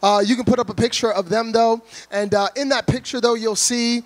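A man from Florida preaching to a congregation, loud, energetic and full of jokes. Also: very high voice, a little fast. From Orlando, Florida, USA. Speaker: guest preacher. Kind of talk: humorous sermon to a congregation. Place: church before a live congregation.

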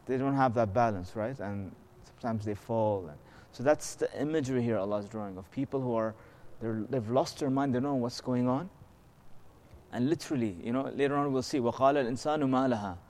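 A religious teacher gives a conversational lesson in a brisk, medium-pitched voice with a darkish tone. He explains things patiently, poses rhetorical questions, and keeps checking in with his listeners, now and then slipping into melodic Arabic recitation of verses.

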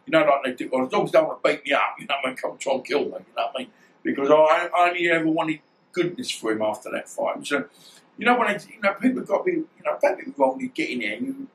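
A man's voice: on the high side, rough recording. A middle-aged man, a former boxer, telling stories in a casual interview and often restarting his sentences. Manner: rambling, restarts often, swears.

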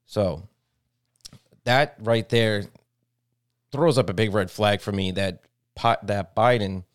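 A man with a low, smooth voice co-hosting a casual political podcast. He is blunt and profane and reads headlines aloud between comments. The sound is dry and close. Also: slow, no room sound. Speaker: podcast co-host.

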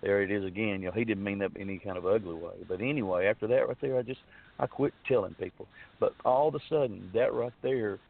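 Speaking fast in a lowish, gravelly voice, a male guest tells his long personal story earnestly over a tinny phone connection. His telling is casual and meandering, packed with fillers and restarts.

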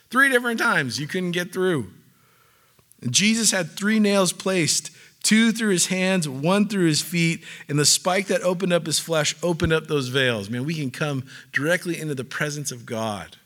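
A pastor delivers his sermon in a fairly high, forceful voice. He talks casually with fillers and asides, then builds to fervent emphasis.

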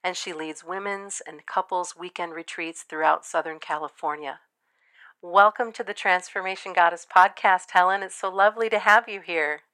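A woman hosting a podcast, reading a measured, reverent introduction of her guest. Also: lowish voice, fairly even intonation, bright, forceful tone. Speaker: podcast host.

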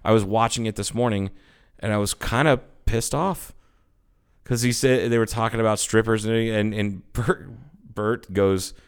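A man's voice: on the low side, fairly even intonation, normal speed, clear, resonant tone. A man co-hosting a podcast in casual chat, swearing freely and laughing often as he tells stories. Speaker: podcast co-host.

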